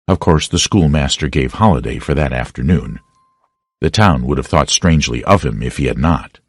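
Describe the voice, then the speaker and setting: Brief: male audiobook narrator, very low voice, animated dramatic delivery, dry studio sound. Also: husky, no room sound. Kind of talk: scripted narration.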